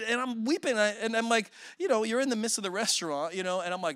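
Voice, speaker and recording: A man's voice: sits high, expressive, fast talker, hardly any pauses, a bit bright, no echo. A man in his forties preaching a sermon as a guest speaker, telling emotional stories with self-deprecating humor.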